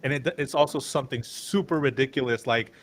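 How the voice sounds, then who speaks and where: A man's voice: mid-range voice, a little fast. Man telling a meandering story. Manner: meandering, many fillers and restarts. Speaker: show co-host. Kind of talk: casual livestream chat.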